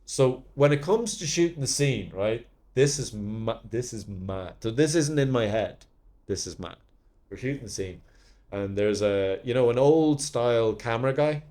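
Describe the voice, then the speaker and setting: A man's voice: mid-range voice, animated, normal speed, warm tone. A man, an actor and podcast guest, telling rambling stories from his career in casual chat, swearing freely. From Ireland. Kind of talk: casual anecdotes.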